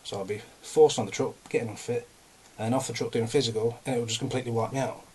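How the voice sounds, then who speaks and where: A man's voice: mid-range voice, steady tone, fast, mellow, slight background noise. Chatty man ranting, winded. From England. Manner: ranting, self-mocking, chatty. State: out of breath. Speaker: vlogger. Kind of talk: casual rambling vlog.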